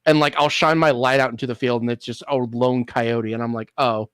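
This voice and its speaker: A man's voice: mid-range voice, fairly even intonation, a little fast, fairly bright tone, clear, resonant tone, no echo. A man hosting a laid-back stream, telling rambling stories with restarts and casual swearing. His voice sits in an ordinary middle range and the recording is close and completely dry. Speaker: streamer host. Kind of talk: casual chat.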